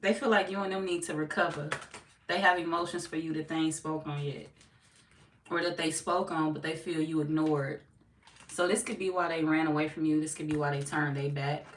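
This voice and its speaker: A woman, slightly hoarse, chatting casually on a live stream as a tarot reader, greeting viewers by name and swearing freely. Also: low voice, steady tone, fairly quick. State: slightly hoarse, feels she is losing her voice. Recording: echoey room, far from mic, faint noise.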